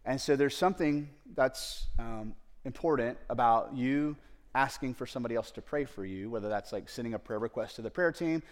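A man preaching a sermon as a pastor, in a relaxed conversational way with frequent fillers and sudden emphatic rises on key phrases. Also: medium pitch, a little fast.

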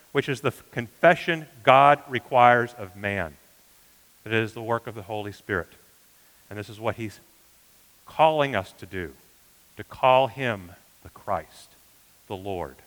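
A man preaching a sermon as pastor, earnest, often dropping to a hushed emphasis. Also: medium pitch, big-room sound, low-quality recording.

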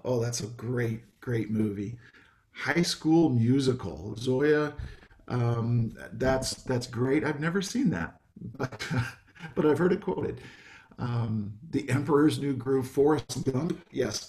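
A man's voice: mid-range voice, takes it slowly, darkish tone. A man, a pastor, preaching a conversational sermon over a video call, with frequent ums and light asides.

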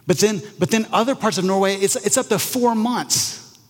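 A male pastor preaching a conversational sermon, lively and often acting out the voices he quotes. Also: high voice, normal speed, big-room sound.

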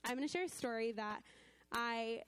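A woman's voice: a little high, normal speed, clean tone, dry recording. A woman in her twenties speaking at church, sharing a personal testimony in a casual, emotional way, full of "like" fillers and nervous laughs.

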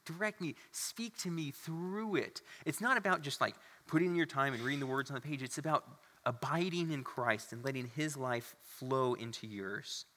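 A man's voice: medium pitch, brisk, few pauses, pushed and bright. A man preaching a sermon as pastor, earnest and conversational, with asides to the congregation. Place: church sanctuary. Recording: long hall reverb.

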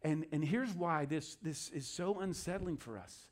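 A man who is a pastor, preaching a sermon in an animated way and acting out inner voices with asides. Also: on the high side, unhurried.

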